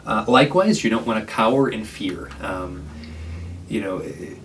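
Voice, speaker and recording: Earnest low-voiced man giving advice. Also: lively intonation, moderate pace, fairly bright tone, far from the mic, slight background noise, poor audio. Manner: casual, earnest, many fillers and restarts. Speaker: homeless shelter worker. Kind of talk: training talk to librarians.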